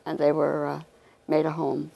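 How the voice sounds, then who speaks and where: A woman hosting a local talk show, asking questions slowly with frequent pauses and fillers. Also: low-pitched, completely flat delivery, vocal fry, warm tone, a little hiss or hum. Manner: slow, hesitant, lots of fillers. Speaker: host. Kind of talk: casual interview.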